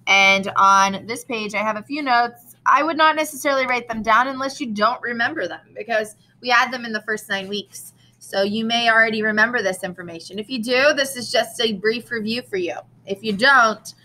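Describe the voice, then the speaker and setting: A woman's voice: on the high side, bright, forceful tone, rough recording. A woman teacher giving a recorded lesson in a casual way, with frequent ums and restarts and an occasional cough. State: coughing now and then.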